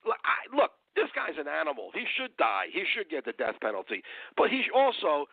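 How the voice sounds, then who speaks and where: A man launching into a furious, profanity-laced political rant, his fairly high voice swinging widely in pitch as he hammers each point. He comes through a tinny phone line with a dry, close sound. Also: wildly swooping pitch, a little fast, gravelly, no echo. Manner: angry, profane, emphatic ranting. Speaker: legal analyst guest.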